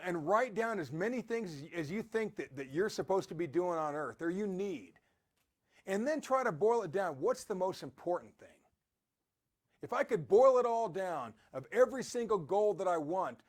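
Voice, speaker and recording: Animated, high-voiced man giving motivational talk. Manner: animated, rambling storyteller.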